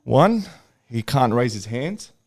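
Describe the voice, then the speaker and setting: A man voicing a blunt woman seeking a husband, in a flat, matter-of-fact joke delivery. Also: medium pitch, takes it slowly, no echo, studio quality, pitched below the performer's own voice, heavily acted.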